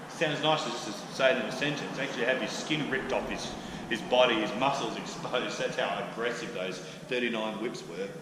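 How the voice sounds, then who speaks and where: A man preaching a sermon as pastor, animated and acting out quoted voices loudly. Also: fairly high pitch. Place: church hall. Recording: echoey church hall with faint noise.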